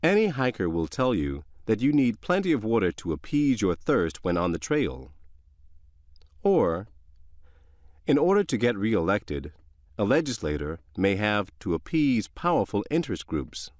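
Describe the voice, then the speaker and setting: A man reading vocabulary definitions aloud with example sentences, in a measured, deliberate way. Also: fairly low pitch, big pitch swings, darkish tone, dry recording, clean studio sound. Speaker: narrator reading word definitions.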